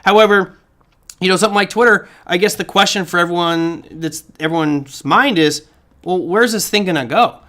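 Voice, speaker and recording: A man's voice: sits high, normal speed, bright, forceful tone. A middle-aged man hosting a live trading show, giving casual market commentary, thinking aloud and reading viewer comments.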